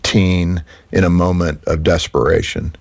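A man hosting a faith-based parenting discussion, asking his guests questions in a relaxed conversational way. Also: sits low, measured pace, gravelly. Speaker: host.

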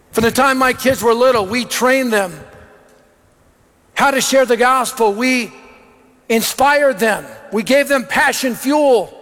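High-pitched middle-aged guy preaching, lively stories, big echoey hall. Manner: energetic storytelling with punchy lists. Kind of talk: sermon. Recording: long reverb of a large hall.

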